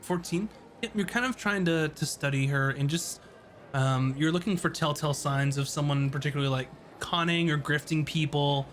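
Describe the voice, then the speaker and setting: A man running a tabletop game as game master, narrating in a rambling, halting way full of fillers. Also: on the high side, a bit bright, a little hiss or hum.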